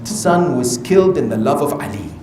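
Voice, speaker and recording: A man voicing a steadfast, devoted older man facing execution, calm and resolute, in an echoey room. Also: mid-range voice, normal speed, voice pushed down, natural voice.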